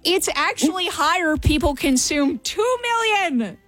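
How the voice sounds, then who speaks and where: A woman radio host runs a playful trivia segment in a high, lively voice that swings widely in pitch. She talks at an unhurried pace while a faint music bed plays underneath. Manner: bright, playful quizmaster.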